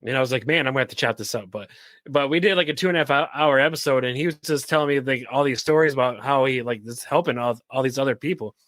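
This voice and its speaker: A man hosting a podcast, chatting in a relaxed, easy way. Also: mid-range voice, quick pace, dry recording. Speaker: podcast host. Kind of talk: casual chat.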